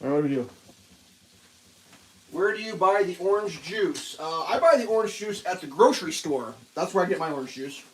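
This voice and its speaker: A man's voice: high voice, lively intonation, fairly quick, slightly rough. A man chatting casually to viewers while cooking breakfast in his home kitchen, rambling and talking to his dog. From central United States. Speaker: livestream cooking host. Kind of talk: casual live-stream chat while cooking.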